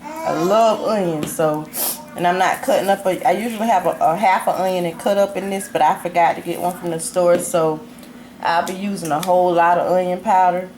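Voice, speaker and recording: Her pitch fairly low, her tone steady and a touch mellow, a woman talks a little quickly while guiding viewers through a home recipe. It's a relaxed, chatty cooking tutorial recorded amid clattering pans and dishes in her kitchen.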